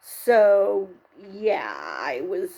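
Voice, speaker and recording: Slow, gravelly-voiced woman reviewing TV. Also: medium pitch, huge pitch swings, warm tone. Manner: candid and chatty, many fillers and self-corrections. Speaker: TV show reviewer. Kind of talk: casual spoken recap and commentary.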